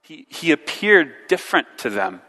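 A man delivers a sermon in a bright, forceful voice, earnest and searching. He often doubles back on his words and poses questions to the congregation. His voice rings with the long reverb of a large hall. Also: fairly high pitch, sing-song, moderate pace. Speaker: preacher.

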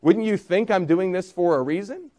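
A man voicing a talking male donkey that pleads its case with calm logic. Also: high-pitched, moderate pace, natural voice. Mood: pleading.

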